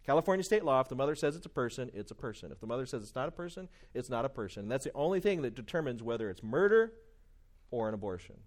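A man preaching a sermon, emphatic, repeating his key questions and swinging between loud stresses and quiet asides. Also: medium pitch, sing-song, very fast.

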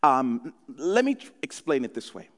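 Animated man preaching a sermon. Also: mid-range voice, moderate pace, long reverb tail. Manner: storytelling, animated. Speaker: pastor.

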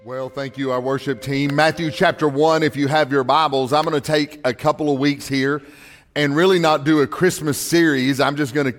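A man's voice: on the high side, fairly even intonation, normal speed, in a large hall, music in the background. A man, a pastor preaching a sermon in a church and telling folksy stories. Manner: folksy storytelling with crowd surveys. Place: church sanctuary.

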